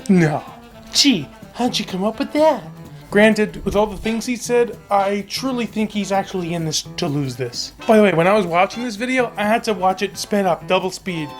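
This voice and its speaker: A man's voice: high voice, expressive, moderate pace, faint music behind. Sarcastic ranting comedy host, male. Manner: sarcastic, ranting, mock-dramatic. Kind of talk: satirical comedy monologue.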